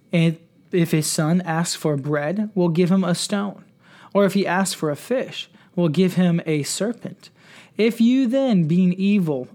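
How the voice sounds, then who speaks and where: Male preacher, somewhat high-pitched, measured earnest scripture reading for a devotional podcast. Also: a little mellow.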